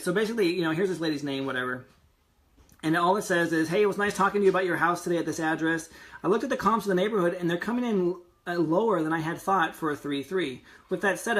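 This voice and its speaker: Young guy vlogging at home, kinda high voice, rambly and easily annoyed. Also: a bit bright. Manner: rambling, easily frustrated, lots of fillers. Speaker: real estate investor vlogger. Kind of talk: casual video diary.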